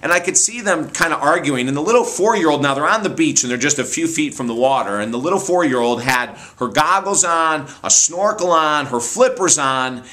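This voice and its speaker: Animated, bright-voiced man telling stories. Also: on the high side, fairly quick, hardly any pauses. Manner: animated, amused, laughs often. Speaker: motivational speaker and author. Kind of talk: storytelling monologue.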